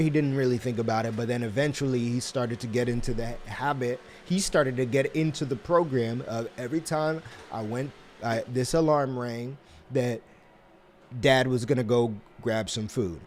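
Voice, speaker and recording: Guy hosting a self-help talk, middle pitch, rambly, lots of restarts and ums, acts stuff out in little voices. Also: a little mellow, a little hiss or hum. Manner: rambling, with many restarts and fillers; acts out scenes with small put-on voices. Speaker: host.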